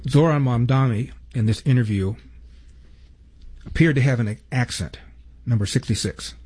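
Male commentary host, mellow and a little breathy, deliberate and emphatic. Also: mid-range voice. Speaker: talk show host. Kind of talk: commentary introducing clips.

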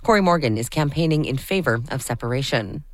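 Low-voiced woman reading radio news. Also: lively intonation, no echo, clean studio sound. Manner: measured, crisp news delivery. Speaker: newsreader. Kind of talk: radio newscast.

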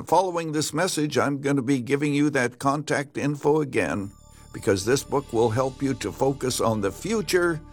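Older male pastor, radio studio talk, measured and earnest; husky, lively pitch. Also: no room sound. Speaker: pastor and radio Bible teacher.

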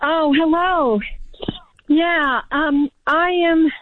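A woman's voice: high-pitched, fairly even intonation, extremely slow, no room sound. A woman calling into a radio show from outdoors, out of breath and hesitant with many fillers. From United States. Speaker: caller. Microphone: phone outdoors. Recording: tinny phone line.

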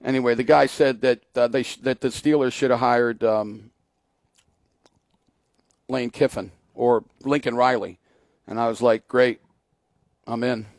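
Sports radio host, male, gravelly, fairly high voice, dry studio sound, animated ranting. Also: measured pace, long pauses, dry recording. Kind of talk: casual talk radio.

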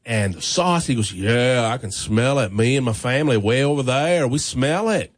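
A man's voice: medium pitch, moderate pace. A man casually telling a long story on a talk show, full of fillers and restarts. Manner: rambling, animated storyteller with many fillers.

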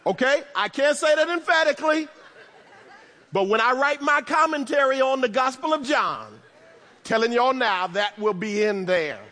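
A man preaching in a very high, bright, ringing voice, his words trailing off into the long reverb of a big church sanctuary. He keeps the sermon conversational and laced with humorous asides, jumping from loud emphasis to hushed tones. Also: lively intonation, moderate pace. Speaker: pastor. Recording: long reverb of a large hall.

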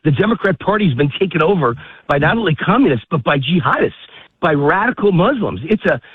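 A man's voice: a little high, sing-song, breathy edge, dry recording. Breathless man on a tinny phone line. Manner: emphatic, rapid-fire and repetitive. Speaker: call-in guest. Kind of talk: heated political phone interview. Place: outdoors walking a dog in a park.

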